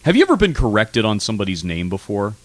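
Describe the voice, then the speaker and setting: A man's voice: fairly low pitch, fast talker, no room sound. A man co-hosting a radio comedy show in a studio, rambling through casual banter and filling his sentences with "uh". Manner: animated and rambling, with frequent fillers.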